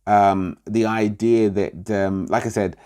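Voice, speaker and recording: A middle-aged man works through a comic review in a relaxed, rambling way. His voice sits somewhat low, and he trails off, restarts and fills gaps with "um" as he goes. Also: slow pace, clear, resonant tone. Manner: rambling, many fillers and restarts.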